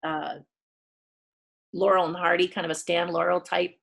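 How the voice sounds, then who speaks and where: A husky, fairly low-voiced middle-aged woman tells stories in an interview. She is animated and expressive, jumping high in pitch whenever she acts out what someone said. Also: normal speed. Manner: lively storyteller who jumps high to act out quoted people. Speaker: guest, puppeteer.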